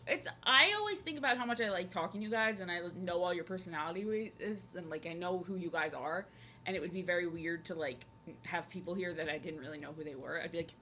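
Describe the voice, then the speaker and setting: An art streamer chats casually with her live viewers while drawing, rambling, talking to the chat, and filling her speech with "like." Her voice is lowish, pushed, and bright, with a little hiss or hum.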